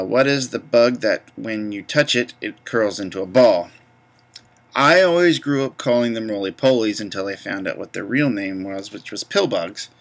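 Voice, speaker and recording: A man's voice: on the low side, vocal fry, fairly bright tone. A young man from Georgia with a Southern accent, casually rambling through a vlog and reading a word list aloud. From Georgia, USA. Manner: rambling, easygoing. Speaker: vlogger.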